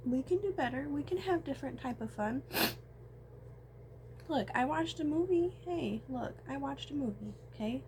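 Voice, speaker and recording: A woman's voice: sits high, lively intonation, moderate pace, darkish tone. A young woman talking to camera in a rambling, emotional personal vlog, swearing often and swinging between tears and laughter. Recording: faint background noise.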